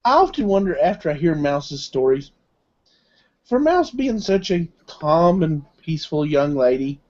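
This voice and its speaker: A woman's voice: low-pitched, sing-song, a little slow, a little mellow, dull audio. A woman hosting a casual online panel chat, talking in a wondering, conversational way.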